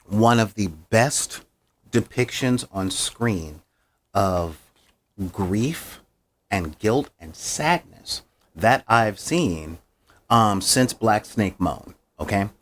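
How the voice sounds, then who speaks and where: A man's voice: on the low side, lively intonation, extremely slow. A man hosting a podcast, recapping an episode in casual, slangy and heartfelt chat. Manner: slangy, heartfelt, with frequent fillers. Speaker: podcast host.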